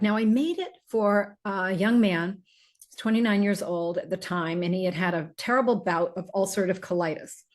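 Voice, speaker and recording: A middle-aged woman with a somewhat low voice hosts a casual podcast about herbal remedies. She talks in a loose, rambling way, full of ums and restarted sentences, as if chatting with a friend. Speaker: host selling herbal remedies.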